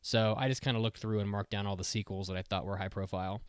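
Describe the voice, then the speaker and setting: A man in his thirties co-hosting a podcast, chatting casually in an excitable, rambling, jokey way. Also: lowish voice, quick pace, smooth, no echo, studio quality. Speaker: podcast co-host. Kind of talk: casual chat.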